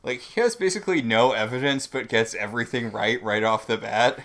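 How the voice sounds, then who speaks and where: A man chats on a podcast with wry, dry remarks. His mid-pitched voice carries a gravelly edge. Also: brisk, a bit bright. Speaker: podcast co-host. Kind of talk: casual recap chat.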